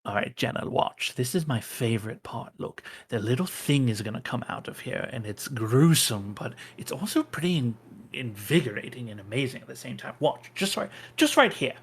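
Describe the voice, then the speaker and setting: A man voicing an eager young man who talks quickly and softly while showing off a favorite gruesome scene. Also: mid-range voice, expressive, slightly rough.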